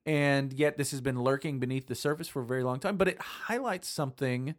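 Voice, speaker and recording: A man's voice: medium pitch, a little fast. A man in his forties co-hosting a casual conversation, wry and teasing, piling up rhetorical questions with frequent restarts. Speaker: podcast co-host.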